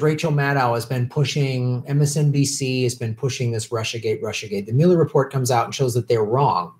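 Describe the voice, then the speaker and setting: A man's voice: mid-range voice, darkish tone. A man hosting a casual live stream, reading viewer questions and answering in an opinionated, heated way with many restarts.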